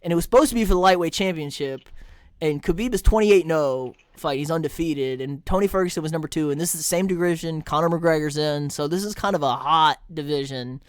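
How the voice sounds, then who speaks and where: A man co-hosting a sports podcast, retelling fights in an animated, chatty way with lots of fillers. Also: a little high, fast, clean tone, no echo, clean studio sound. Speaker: podcast co-host. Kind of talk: casual sports chat.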